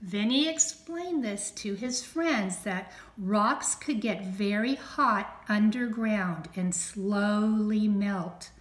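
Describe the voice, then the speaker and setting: Slow, echoey teacher reading aloud. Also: female voice, mid-range voice. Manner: slow, clear, teacherly, stressing sounds. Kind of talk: reading a storybook aloud to children.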